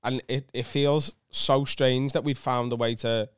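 A man's voice: medium pitch, fairly even intonation, smooth, dry recording, studio quality. A young British man, a podcast guest, telling funny stories in casual banter. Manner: storytelling, quick banter with laughs. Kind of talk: casual comedic chat.

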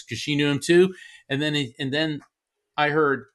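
A man's voice: on the high side, moderate pace, a bit bright. A man, a medium and author, telling an earnest personal story as an interview guest, with many restarts. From Florida.

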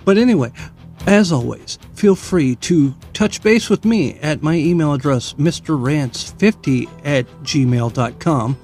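A man's voice: on the high side, darkish tone. A man hosting a solo podcast, ranting bluntly and heatedly with plenty of swearing. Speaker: podcast host.

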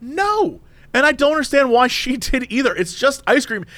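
A man's voice: extremely high pitch, sing-song, moderate pace, pushed and bright, no echo. A man co-hosting a podcast, animatedly retelling a story in casual chat with laughter. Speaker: podcast co-host.

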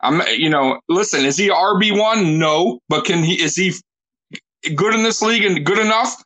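A man's voice: high voice, normal speed, sharp tone, low-quality recording. A man hosting a casual sports chat, blunt and emphatic, often saying "bro". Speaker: podcast host.

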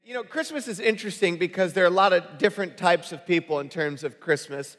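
A man preaching a sermon to his congregation, telling stories in an animated, conversational way. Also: high voice, fast. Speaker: pastor. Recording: long hall reverb.

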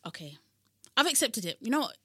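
A young woman from London co-hosting a podcast in casual chat, animated and playful, quick to laugh. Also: fairly high pitch, husky, dry recording, clean studio sound. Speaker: podcast co-host.

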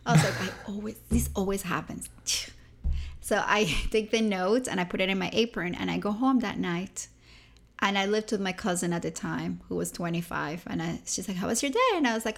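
A young woman from Venezuela, a guest telling her story in a casual interview, lively and acting out the people she quotes. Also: mid-range voice, normal speed, creaky. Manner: animated, acts out quoted people.

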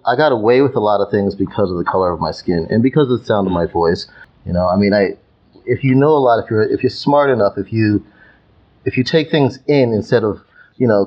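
A man with a fairly low voice speaks emphatically as an interview guest, often repeating words before landing his point. The recording sounds slightly dull and muffled, with the highs rolled off. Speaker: guest, youth coach. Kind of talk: conversational podcast interview.

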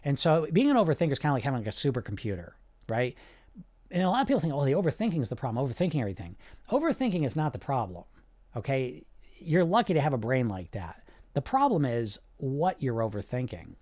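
A man with a brisk, mid-range voice hosts a podcast as a weight loss coach. He's direct, animated and casual, sometimes swearing, and keeps tossing in rhetorical questions and check-ins like "right?" and "you see?"

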